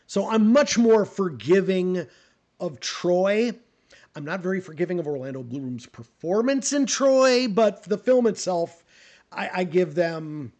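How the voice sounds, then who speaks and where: A young man with a notably high voice talks through history questions on a live stream. He is animated and opinionated, and he often trips over his words and repeats them as he makes his points. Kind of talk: casual live Q&A chat.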